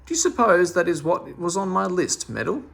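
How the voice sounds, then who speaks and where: A cross, suspicious woman from a storybook, as a man puts her on, scolding and blunt. The voice is lifted high with a gravelly, husky grain. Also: sing-song, moderate pace, fairly bright tone, exaggerated voice. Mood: angry, scolding. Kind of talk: storybook read-aloud.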